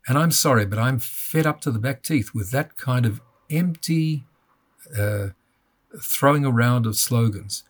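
Older male guest, husky, fired-up and impassioned. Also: medium pitch, lively intonation, moderate pace, a bit bright. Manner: indignant, impassioned. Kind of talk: interview conversation.

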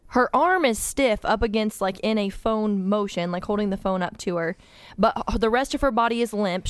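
A young woman, telling animated stories in casual chat and laughing as she goes. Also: on the high side, dry recording.

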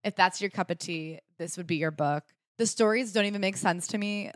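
A young woman co-hosting a book podcast in lively casual chat, swearing now and then. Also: mid-range voice, a little fast, dry recording, studio quality. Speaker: podcast co-host.

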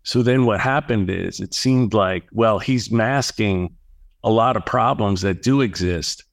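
A man with a fairly low voice co-hosts a casual podcast. He explains things conversationally and leans on fillers. The recording is dry. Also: unhurried, creaky, no room sound. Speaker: podcast co-host.

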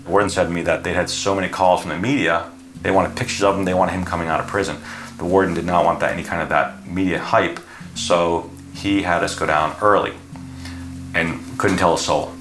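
A man's voice: deep voice, a little fast. A man vividly recounting a tense night drive as an interviewee. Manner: lively, vivid storytelling. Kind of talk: recounting story. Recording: roomy, music behind.

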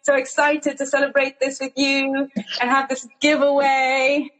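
A woman's voice: high voice, completely flat delivery, unhurried, a bit bright, soft background music, low-quality recording. A woman therapist from Zambia, a guest on a podcast, chatting in a bubbly, affirming way over a video call. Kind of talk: casual video-call chat.

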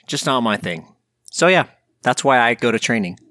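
A man's voice: mid-range voice, normal speed, dry recording. Snarky blunt man guesting on a podcast. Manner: snarky, blunt, animated venting. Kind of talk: casual podcast chat.

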